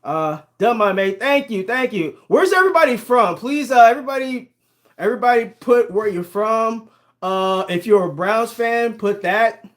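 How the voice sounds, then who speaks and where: A man with a high-pitched voice hosts a casual live sports stream. He greets viewers, reads their comments and chats back loosely. He laughs easily between his points. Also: animated, moderate pace. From Ohio, US. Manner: chatty, addresses viewers directly, laughs often. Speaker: sports channel host. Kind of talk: casual livestream chat reading comments.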